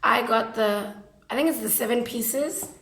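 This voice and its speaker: A woman with a Botswana accent, telling a story in a lively, slangy, casual way while eating on camera. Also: a little high, a little slow, reverberant, slight background noise. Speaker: vlogger.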